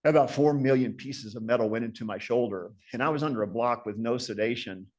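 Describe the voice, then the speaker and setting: A man's voice: mid-range voice, brisk, a little mellow, lo-fi sound. A man in his sixties giving a conversational lecture as a guest surgeon, telling stories in a self-deprecating, reflective way.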